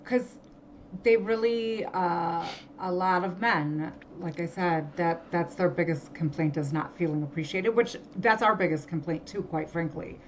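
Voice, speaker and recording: A middle-aged woman co-hosting a casual chat show, talking in quick asides and correcting herself as she goes. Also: lowish voice, a little hiss or hum, rough recording. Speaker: podcast co-host.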